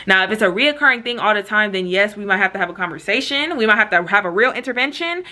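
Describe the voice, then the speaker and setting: A young woman telling a storytime vlog in casual, slangy chat, with quick asides to her viewers. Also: medium pitch, expressive, pushed and bright. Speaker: vlogger.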